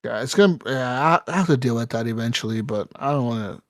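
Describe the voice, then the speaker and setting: A young adult man, a podcast co-host, telling a story in casual, profane, animated chat. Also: medium pitch, fast talker, no echo, clean studio sound.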